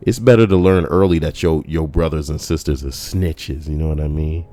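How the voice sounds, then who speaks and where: A man's voice: very deep voice, steady tone, moderate pace, dark tone, faint music behind. A man reading forum stories aloud with comedic commentary, crude and profane, full of jokey asides. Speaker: YouTube narrator reading forum posts.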